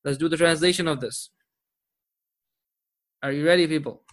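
Male language teacher, somewhat high voice, patient, slow drawn-out explanations for a class. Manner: patient, quizzing students with frequent "okay?" and "hmm?". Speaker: Arabic teacher. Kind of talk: classroom grammar lesson.

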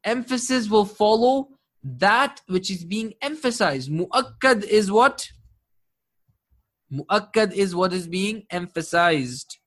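A man's voice: high-pitched, lively intonation, a bit bright. A man teaching an Arabic grammar class, explaining terms in English and checking in with his students again and again. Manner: quizzing students with frequent "right?" and "correct?"; recites Quranic verses quickly in Arabic. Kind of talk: classroom lecture.

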